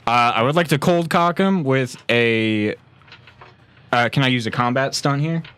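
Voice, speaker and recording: A man's voice: medium pitch, measured pace, fairly bright tone, clear, resonant tone. A man playing a tabletop role-playing game, eager and scheming in casual chat. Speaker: player.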